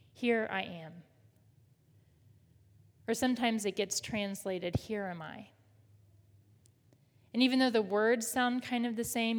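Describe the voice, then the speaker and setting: A woman pastor preaching a sermon in a conversational way, leading the congregation in call and response. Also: medium pitch. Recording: reverberant hall.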